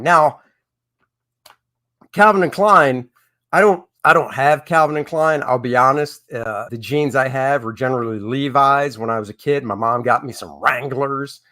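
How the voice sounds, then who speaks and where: A man's voice: mid-range voice, pushed and bright. A middle-aged man hosting a casual live stream as a comic artist, talking in a candid, opinionated and rambling way.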